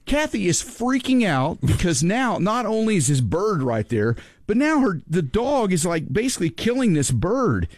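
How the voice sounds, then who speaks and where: A man with a high, very lively voice tells a story, excitable and quick to laugh. The sound is close and dry, with no room around it. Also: no echo. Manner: animated, excitable, laughs often, acts out voices. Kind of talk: casual storytelling chat.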